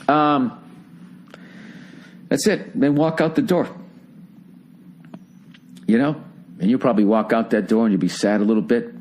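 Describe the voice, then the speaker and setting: A man's voice: medium pitch, normal speed, pauses often, darkish tone. A man hosting a podcast, giving blunt advice in a rambling, profane, casual monologue.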